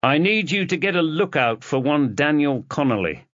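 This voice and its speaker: A man's voice: a little high, big pitch swings, moderate pace, fairly bright tone, no echo, lo-fi sound, pitched above the performer's own voice. A man voicing a dogged male police inspector who speaks tersely and presses for answers.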